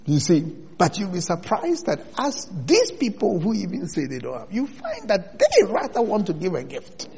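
A male pastor preaches with an animated, swinging delivery and a slightly raised pitch. His voice rises into loud bursts as he presses each point. The sound rings out with a long reverb, as if recorded in a large church hall. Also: moderate pace, vocal fry, hardly any pauses. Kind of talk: sermon.

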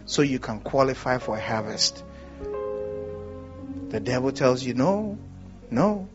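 A man from Ghana preaching a sermon, moving between loud declarations and quiet storytelling. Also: mid-range voice, steady tone, a little slow. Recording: dull lo-fi sound with music behind.

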